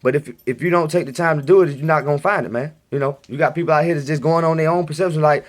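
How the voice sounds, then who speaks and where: A man's voice: on the high side, fairly even intonation, fast talker. A man giving a casual, rambling monologue to his viewers in a home recording, insistent and repeating himself. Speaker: video blogger.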